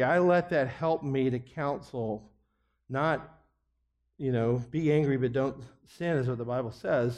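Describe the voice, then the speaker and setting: A middle-aged man teaching a biblical counseling class in an earnest, deliberate way, often letting his voice fall quiet at the ends of phrases. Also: mid-range voice. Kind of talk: classroom lecture.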